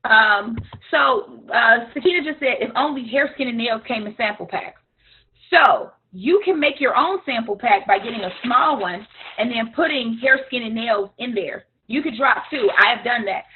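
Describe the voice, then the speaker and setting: Woman coaching live, lively and blunt, kinda raspy, sounds like a phone call. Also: a little high, normal speed. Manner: animated, frank, imitates others playfully. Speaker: business coach. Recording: tinny phone-like line.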